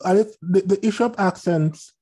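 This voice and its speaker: A man's voice: high voice, moderate pace, warm tone, breathy edge. A man with a Jamaican accent, a minister speaking earnestly and reflectively, often repeating words as he searches for them.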